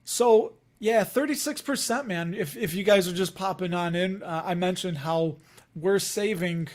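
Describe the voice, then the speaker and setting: Chatty Chicago man with a high voice. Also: steady tone, measured pace, darkish tone. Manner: rambling, chatty, laughs often while talking to viewers. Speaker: investing livestream host. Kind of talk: casual livestream chat.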